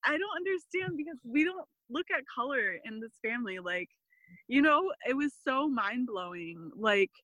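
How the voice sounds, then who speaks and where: Her slightly high voice moves at a normal speed on a dry, poor-quality recording. She's a woman in her thirties guesting on a podcast, telling family stories in a chatty, filler-filled style with animated quoting.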